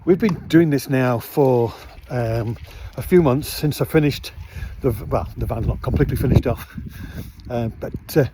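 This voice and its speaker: A man's voice: mid-range voice, normal speed, background noise. A man vlogging casually outdoors at night by his van, rambling with lots of fillers. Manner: rambling, relaxed, many fillers. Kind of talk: casual vlog narration.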